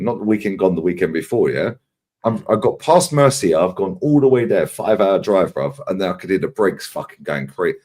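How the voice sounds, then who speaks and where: Swearing, animated man in his forties. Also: lowish voice, slightly rough. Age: 40s. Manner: animated, swears freely, acts out others' lines. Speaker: regular guest on a fan livestream. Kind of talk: casual storytelling chat.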